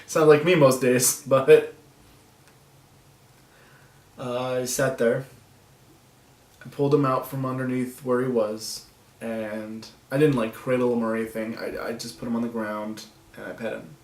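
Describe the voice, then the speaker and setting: A man vlogging to the camera, talking in a soft, halting way with nervous laughs and long pauses. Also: medium pitch, level tone, reverberant, distant mic, low-quality recording. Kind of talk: personal vlog talking to camera.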